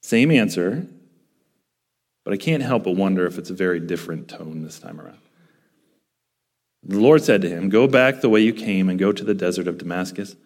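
A man's voice: sits low, animated, moderate pace, long pauses, a little mellow. A man preaching a sermon, reading scripture aloud and breaking it open with emphatic rhetorical questions. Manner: reads scripture aloud between explanations. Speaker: pastor.

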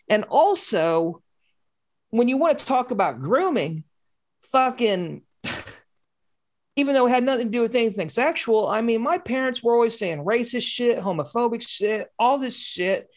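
A woman's voice: on the high side, very animated, moderate pace. A woman in her forties telling a story in casual podcast chat, heated and swearing freely.

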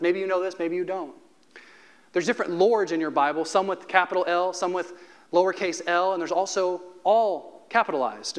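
A man with a somewhat high voice delivers a sermon to his congregation. He talks in a casual, conversational way, drops in light humor, and slows right down to stress the phrases he wants to land. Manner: conversational preaching with humor and slowed emphasis. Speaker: pastor.

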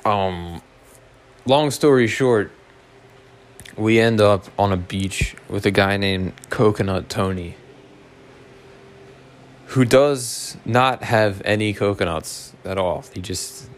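A man's voice: lowish voice, slow, pauses often. A man telling a rambling, profane story in a casual, self-mocking way, like a podcast host.

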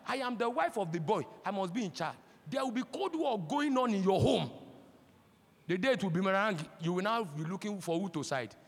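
High-voiced Nigerian preacher, impassioned. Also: male voice, animated, a little fast, creaky. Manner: impassioned, breaks into shouting. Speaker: pastor. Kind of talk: sermon. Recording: long hall reverb.

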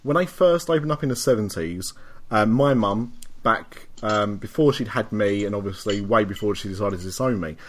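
A man's voice: fairly low pitch, normal speed. Podcast host, man, loose storyteller with easy laughs. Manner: chatty, laughs often, rambling asides. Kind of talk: casual chat.

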